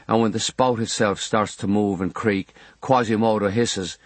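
A man's voice: lowish voice, fairly even intonation, normal speed, dry recording. A man reading a memoir audiobook in a wry storytelling manner. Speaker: audiobook narrator.

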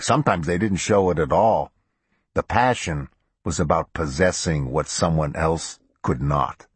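In a very low, husky voice, a man narrates a crime audiobook from a script, steady and measured. The recording is dry and close, with no room sound.

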